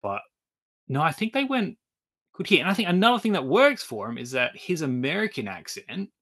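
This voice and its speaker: A man co-hosting a podcast, chatting casually about a film, laughing often and trailing off quieter mid-thought. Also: fairly high pitch, sing-song, fairly quick. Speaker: podcast co-host. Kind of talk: casual film review chat.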